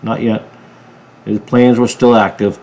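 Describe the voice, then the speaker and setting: A man from a ministry channel giving a political commentary monologue, emphatic, jumping from loud bursts to low mutters. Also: little pitch movement, a little slow, gravelly. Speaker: ministry preacher.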